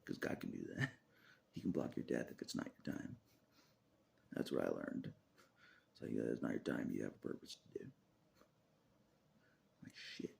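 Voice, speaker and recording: A man talking in an unscripted personal monologue, repeating phrases for emphasis, swearing often and swinging between loud declarations and muttered whispers. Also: a bass voice, lively intonation, normal speed, vocal fry, long pauses. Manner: swears often and laughs to himself. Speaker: vlogger.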